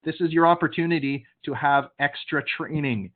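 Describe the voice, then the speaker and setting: A man's voice: a little high, normal speed. Male sales trainer, direct and occasionally scolding, over a tinny call line. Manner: coaching, direct, sometimes stern. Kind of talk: online training session. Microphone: video call. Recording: phone-like video call audio.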